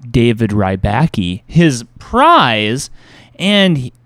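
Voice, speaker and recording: Rambling young podcast co-host. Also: male voice, medium pitch, very animated, slow, fairly bright tone, no echo, clean studio sound. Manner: rambling, restarts sentences, swears casually. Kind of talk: casual chat.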